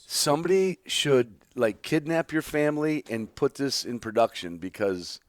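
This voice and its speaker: Hosting a laid-back podcast from inside a hunting preserve, an Illinois man speaks at a moderate pace in an expressive, mid-range voice. His talk is rambling and jokey; he often restarts sentences and talks over himself. No room sound is audible.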